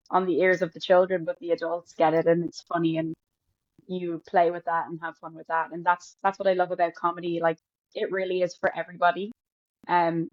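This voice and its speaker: A woman's voice: lowish voice, no echo. A young Irish woman, an actor, chatting casually as a podcast guest with lots of fillers and restarts. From Ireland. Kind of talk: casual interview chat. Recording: dull lo-fi sound, dry.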